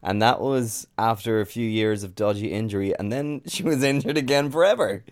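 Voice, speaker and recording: A man's voice: lowish voice, brisk, no room sound, studio quality. A man hosting a casual athletics chat, chatty and enthusiastic. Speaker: podcast host.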